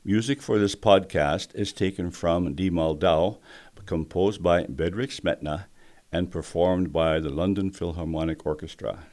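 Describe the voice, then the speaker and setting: A man's voice: low voice, fairly even intonation, measured pace, a little mellow. A man reading the closing announcements of a serialized novel podcast in a plain, friendly way. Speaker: podcast host. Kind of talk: scripted outro announcement.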